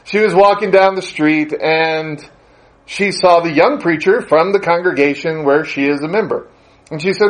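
A man's voice: fairly high pitch, moderate pace, low-quality recording. A man preaching a sermon, telling a long anecdote in a conversational way, with fillers and the odd chuckle. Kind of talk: sermon storytelling.

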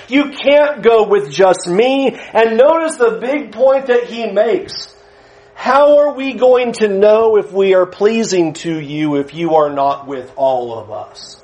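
A man's voice: very high-pitched, low-quality recording. A man preaching a sermon, earnestly paraphrasing scripture in a conversational way.

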